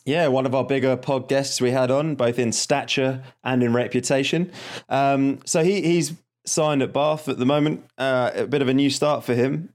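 Man, podcast co-host, measured, thoughtful, casual chat. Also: medium pitch, steady tone, darkish tone.

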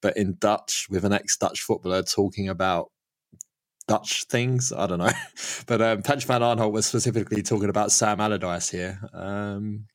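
A man's voice: on the low side, moderate pace. A man hosting a casual football podcast, chatty and laughing often. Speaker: podcast host.

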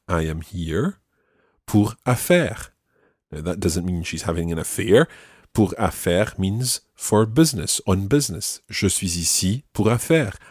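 A man with a very low voice teaches French phrases and repeats each one slowly. The sound is dry and close. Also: darkish tone, husky, dry recording. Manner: slow careful repetition of phrases. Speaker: language teacher.

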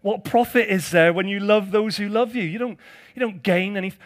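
A man's voice: sits high, a little fast. A male pastor preaching a conversational sermon, with jokey asides to his congregation.

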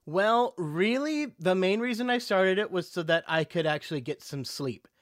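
High-voiced man telling animated stories. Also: moderate pace, no room sound, clean studio sound. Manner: animated storytelling, slips into character voices. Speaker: voice actor, interview guest. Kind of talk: casual interview chat.

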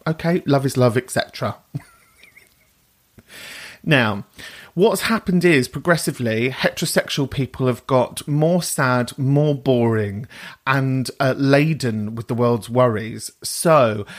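A man hosting a podcast in casual chat, cheeky and sweary, laughing often. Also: mid-range voice. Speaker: podcast host.

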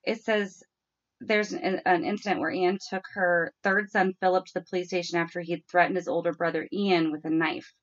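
A woman's voice: on the low side, a little fast. A woman hosting a casual podcast chat, telling family stories and acting out the quotes. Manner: animated storyteller who acts out quotes. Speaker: podcast host and mother. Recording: lo-fi podcast audio.

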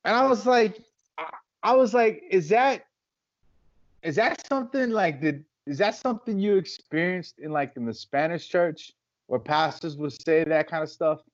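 A man with a fairly high voice chats casually as a podcast co-host. He rambles and tells stories, acting out what people say. The recording is dry and a bit dull and lo-fi. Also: normal speed, no room sound. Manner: rambling, storytelling with acted-out quotes.

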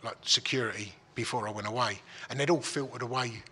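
A man's voice: medium pitch, fairly quick, bright, forceful tone, big-room sound, slight background noise. A middle-aged man from England, telling a long story in blunt, sweary, rambling casual talk. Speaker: guest.

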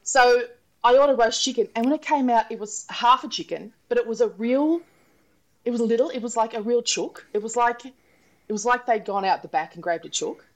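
A woman's voice: on the high side, moderate pace, poor audio. A middle-aged Australian woman co-hosting a casual chat podcast, telling holiday stories with acted-out voices and frequent laughs. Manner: animated storyteller, acts out voices, laughs often. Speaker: podcast co-host. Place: holiday abode abroad.

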